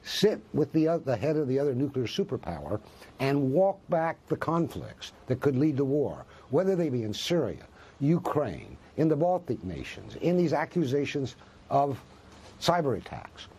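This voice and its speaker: A man's voice: medium pitch, big pitch swings, normal speed, mellow, breathy edge. A man, a professor, speaking as a guest in a news interview, arguing with passion and rhetorical questions. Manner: impassioned, argues with rhetorical questions.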